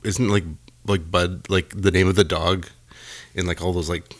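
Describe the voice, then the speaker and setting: A man's voice: sits low, flat delivery, moderate pace. A man co-hosting a podcast in casual chat, joking around with playful wordplay. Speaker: podcast co-host.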